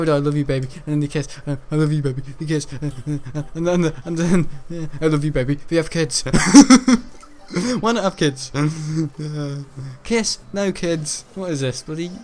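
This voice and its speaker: A man chatting casually while streaming a game, rambling and joking and laughing often. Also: a little high. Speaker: gaming streamer. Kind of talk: casual livestream chat while gaming.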